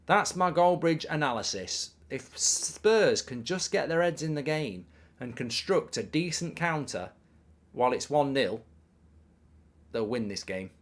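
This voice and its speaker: A man's voice: mid-range voice, animated, measured pace. A middle-aged man hosting a live football watchalong, chatting casually and reading out viewer messages. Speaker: host.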